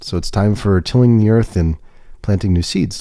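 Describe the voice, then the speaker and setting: A man with a low, mellow voice hosts a casual livestream, slowly musing as he lays out tarot cards. He trails off and restarts his thoughts. The sound is dry and close. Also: dry recording. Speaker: podcast host reading tarot.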